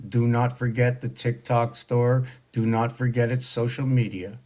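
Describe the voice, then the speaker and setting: 60s guy rambling on in a preachy monologue, mid pitch, lots of rhetorical questions. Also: flat delivery, measured pace, darkish tone. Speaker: social media monologuist.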